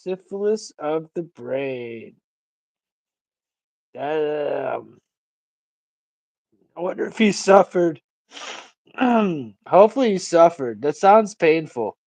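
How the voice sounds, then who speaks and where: A man's voice: a little high, expressive, slow pace, gravelly, pauses often, darkish tone, no room sound, low-quality recording. A man hosting a casual livestream, talking in a rambling, profane, ranting way. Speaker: livestream host.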